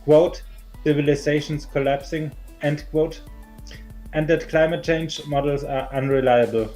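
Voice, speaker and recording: A man's voice: a little high, fairly even intonation, a little slow, a little mellow, soft background music. A man from Germany co-hosting a podcast, dry and hesitant with "uh" fillers. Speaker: podcast co-host. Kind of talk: casual news commentary chat.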